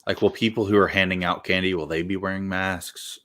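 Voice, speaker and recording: A man with a very deep voice and a bright, forceful edge, co-hosting a relaxed conversation. He drops in easygoing jokes as he chats. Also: brisk. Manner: relaxed, joking asides. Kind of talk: casual chat.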